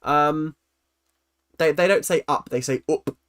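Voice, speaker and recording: Young dude reading chat on a livestream, jokey and self-mocking, says um a lot. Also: male voice, fairly high pitch, fairly bright tone. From London. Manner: teasing, self-mocking, quick jokes with frequent ums. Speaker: livestream host.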